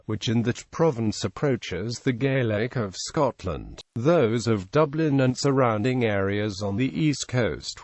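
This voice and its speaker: A man's voice: mid-range voice, dry recording. Synthetic male voice reading an encyclopedia article. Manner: reads text literally, stumbling over phonetic notation. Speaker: narrator. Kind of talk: encyclopedia article read aloud.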